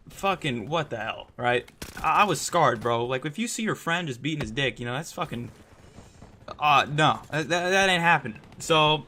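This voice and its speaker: A young man tells a personal story casually, rambling and swearing a lot, constantly saying "like" and "right?". His voice is on the high side with a sharp tone, and there's a little hiss or hum in the recording.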